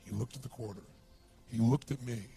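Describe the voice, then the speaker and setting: A man's voice: mid-range voice, brisk, gravelly, dark tone, husky, soft background music. A man giving an emphatic seminar talk, telling stories and quizzing his audience. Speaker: motivational speaker.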